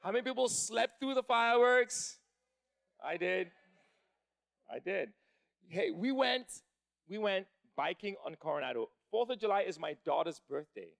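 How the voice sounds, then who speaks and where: Guy doing standup, kinda high voice with gravel in it, gets loud and worked up telling the story. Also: normal speed. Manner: animated, building to shouting in excitement. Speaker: stand-up comedian. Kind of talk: stand-up storytelling to a live crowd.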